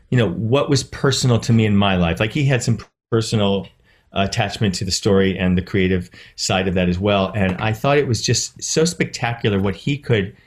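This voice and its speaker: A middle-aged man, an actor and producer, telling stories casually in an interview and acting out the voices of people he quotes. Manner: animated, acts out quoted voices with pitch jumps.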